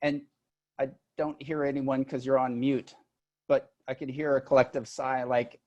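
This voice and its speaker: Guy presenting a webinar over zoom, chatty, cracks little jokes, mid-pitched voice. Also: fairly even intonation, normal speed, darkish tone, highs cut off. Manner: conversational, joking asides. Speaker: agile and leadership coach, webinar presenter. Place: video call. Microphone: computer mic on a video call.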